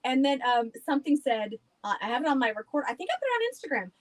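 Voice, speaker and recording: Chatty woman, higher voice, rambling. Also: sing-song, fast, rough recording. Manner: chatty, rambling, laughs often. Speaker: guest, haunted house owner. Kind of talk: casual podcast chat.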